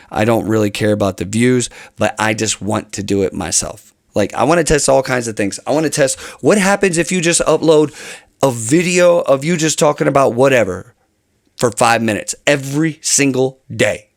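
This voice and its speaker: Man, gravelly voice, casual vlog talk, rambling, dry close sound. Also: lowish voice, dry recording. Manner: rambling, restarts phrases often. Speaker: channel host.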